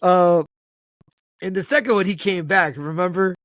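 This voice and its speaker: Brief: man co-hosting a movie chat, lively and slangy, fairly high voice, dry close sound. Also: moderate pace, no room sound. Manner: animated, slangy, laughs often.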